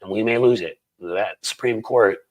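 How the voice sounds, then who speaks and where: A man hosting a live stream, chatting casually with viewers in a rambling, animated way, with lots of restarts and fillers. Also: moderate pace. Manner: animated, swings in pitch and volume. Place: Cincinnati, Ohio.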